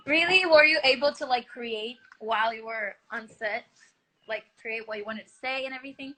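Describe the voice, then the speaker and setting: A young woman whose first language is Portuguese, hosting a live stream and chatting in a bubbly, excitable way. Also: on the high side, moderate pace, slight background noise. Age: young adult. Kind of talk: casual live-stream chat.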